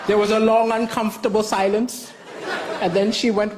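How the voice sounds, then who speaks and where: A man from Malawi doing a stand-up comedy set on a television stage, deadpan and self-mocking with bursts of mock shouting. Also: high voice, moderate pace, long pauses, crowd noise. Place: television stage before a live audience. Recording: noisy live stage with audience laughter.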